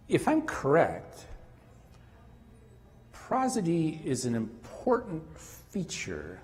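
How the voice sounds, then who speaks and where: Male conference lecturer, academic talk, halting with restarts, hall reverb. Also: mid-range voice, a little mellow. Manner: halting, frequent restarts and fillers.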